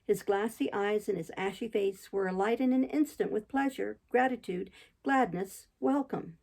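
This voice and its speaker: Female audiobook reader, steady and measured, with a dark, mellow tone. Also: mid-range voice, gravelly, low-quality recording. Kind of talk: audiobook narration.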